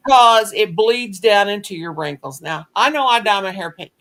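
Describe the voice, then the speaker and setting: A woman's voice: mid-range voice, lively intonation, normal speed, fairly bright tone. Folksy storytelling woman. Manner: folksy storyteller, earthy and blunt. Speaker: craft stream host. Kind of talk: casual chat on a live stream.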